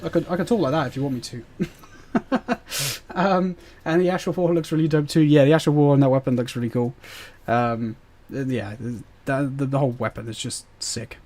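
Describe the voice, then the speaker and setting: A man's voice: mid-range voice, fairly even intonation, moderate pace, a little mellow. A British man streaming a game live, chatting and rambling as he answers his chat with fillers and laughs. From Britain. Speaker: gaming streamer.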